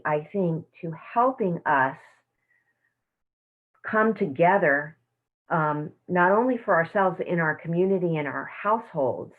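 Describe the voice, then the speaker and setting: A woman teaching a self-care class, speaking in a soft, slow, affirming way over a video call. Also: lowish voice. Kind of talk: guided meditation and teaching. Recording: tinny phone-like audio.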